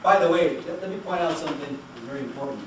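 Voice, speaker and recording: A man's voice: fairly high pitch, lively intonation, fast. A man giving a classroom lecture, explaining patiently and putting questions to the class. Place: lecture room. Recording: very echoey, distant, noisy room recording.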